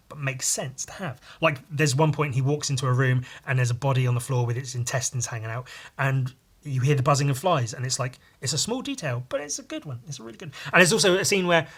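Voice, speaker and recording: A man chatting on his podcast, swearing freely as he rambles through strong opinions. His voice is bright and forceful, with a middling pitch and plenty of filler words. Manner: profane, ranting, opinionated. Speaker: podcast host. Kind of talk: casual chat.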